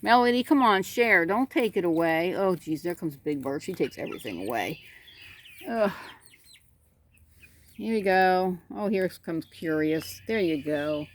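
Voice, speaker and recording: A woman's voice: lowish voice, animated, a little slow. A woman chatting about her backyard chickens, rambling and cooing at the birds, recorded outdoors on a phone. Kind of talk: casual chat. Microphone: phone camera.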